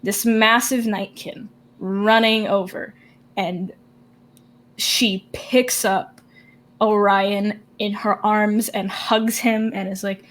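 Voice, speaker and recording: Giggly woman game master, unhurried. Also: mid-range voice, steady tone. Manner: giggly, loose, filler-heavy. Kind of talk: narrating a tabletop game.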